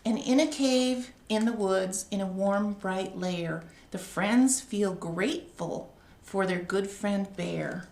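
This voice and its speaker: A woman librarian reads a picture book aloud to young children, very slowly and expressively, in a warm manner. Her slightly high voice has a gravelly grain, and the echoey audio carries faint noise underneath.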